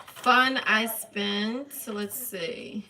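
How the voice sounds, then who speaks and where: A woman with a slightly high voice walks her viewers through a month of spending figures, reading each number in turn and explaining what it means. The recording carries a steady hiss of background noise. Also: very slow. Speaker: budgeting livestream host. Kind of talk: casual budget walkthrough livestream.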